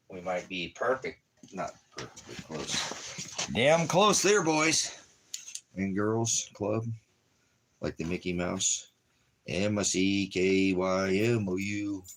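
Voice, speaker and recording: A man on a casual live stream, talking to his puppy in rambling, playful, affectionate baby talk. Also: deep voice.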